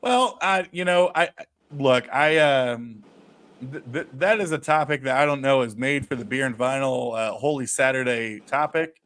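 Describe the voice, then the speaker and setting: A man's voice: mid-range voice, moderate pace, a bit bright. A man hosting a casual podcast chat, rambling and restarting his sentences often. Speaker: host.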